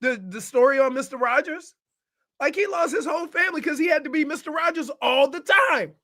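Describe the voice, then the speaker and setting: A man co-hosting a radio show in casual chat, animated and rambling, often trailing off and restarting. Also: extremely high pitch, fairly quick. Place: radio studio.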